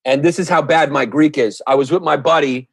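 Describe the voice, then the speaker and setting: A man's voice: a little high, steady tone, brisk, gravelly, husky, no room sound. A man who is a guest on a podcast, chatting casually and joking in profane mock rants. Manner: profane, mock-ranting jokes.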